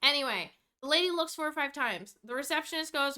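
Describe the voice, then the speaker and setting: A woman's voice: high-pitched, animated, fairly quick, bright, forceful tone, slight background noise. A young woman vlogger telling a storytime rant, exasperated and rambling, swearing freely as she goes.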